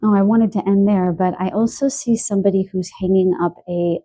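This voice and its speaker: A woman giving a spoken tarot card reading, a little stuffy from allergies and clearing her throat, talking softly and earnestly with emotion. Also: medium pitch, fairly even intonation, brisk. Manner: soft, earnest, emotional about animals.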